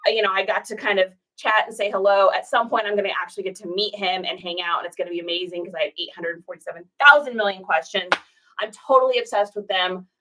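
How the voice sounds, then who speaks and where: A woman's voice: medium pitch, fairly even intonation, quick pace, pushed and bright, far from the mic, rough recording. A woman in her forties from Washington State, chatting casually in a rambling way while packing orders, and breaking off now and then to talk to her pet. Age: 40s. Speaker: online reseller host.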